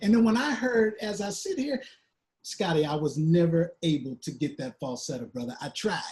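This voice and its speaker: High-voiced, enthusiastic male host. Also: expressive, normal speed, a little mellow. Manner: enthusiastic, affirming. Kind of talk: interview conversation.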